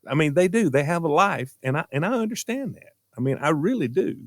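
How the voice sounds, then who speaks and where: A man's voice: on the high side, sing-song, a little fast, no echo. An older man, co-hosting a radio show and telling a story in casual chat, laughing through his punchlines.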